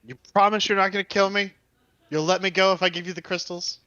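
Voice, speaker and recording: A man's voice: high-pitched, fairly even intonation, fast, bright, forceful tone, clear, resonant tone, no room sound, highs cut off, voice pushed up. A man voicing a trapped bandit who bargains for his life in plain, pleading speech. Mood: wary. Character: trapped surly male bandit, cowed and bargaining.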